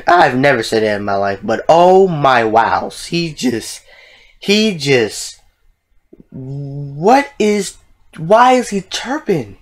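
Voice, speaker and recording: A man's voice: a little high, big pitch swings, slow pace, long pauses. A man hosting a reaction video, talking casually, exclaiming in disbelief and swearing freely.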